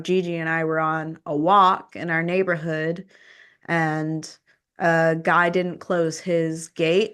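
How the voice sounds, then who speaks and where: A woman podcast host, telling a story in casual conversation and acting out the quoted exchanges. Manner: animated, acts out quoted exchanges with rising pitch.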